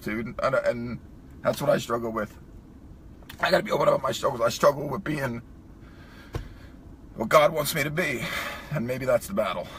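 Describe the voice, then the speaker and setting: A man's voice: medium pitch, moderate pace, pauses often, a bit bright, a little hiss or hum. A man talking emotionally in a profane vlog, crying and choked up as he speaks. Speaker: vlogger.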